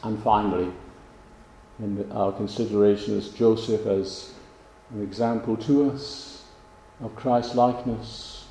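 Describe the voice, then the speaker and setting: A man preaching a sermon in a slow, measured way, leaning on pauses for emphasis. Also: fairly low pitch, steady tone, dark tone, slight background noise. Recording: roomy, echoey sound.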